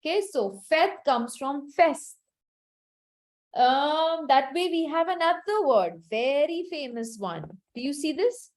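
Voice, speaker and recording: A woman teacher with a high voice takes a deliberate, unhurried pace through an online lesson. She is patient and repeats each word several times so her students can drill it. The sound comes through a video call. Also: lively intonation, low-quality recording. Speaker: French teacher.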